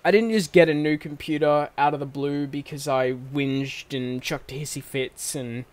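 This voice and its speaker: A man's voice: on the high side, fairly even intonation, unhurried. A young man, talking casually to his channel from his bedroom desk setup. He rambles, swears freely and corrects himself as he goes. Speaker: channel host. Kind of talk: casual vlog monologue. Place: bedroom recording setup at home. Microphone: microphone on a stand at his desk.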